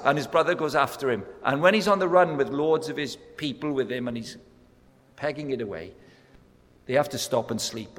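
A man preaching a sermon, telling stories with acted-out voices and building to loud, emphatic peaks. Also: mid-range voice. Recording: echoey hall sound.

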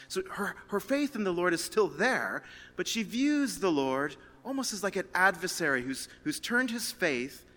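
A man preaching a sermon to his church in a conversational, animated way, reading scripture aloud and telling stories on himself. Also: a little high. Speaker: pastor. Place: church hall. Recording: reverberant church hall.

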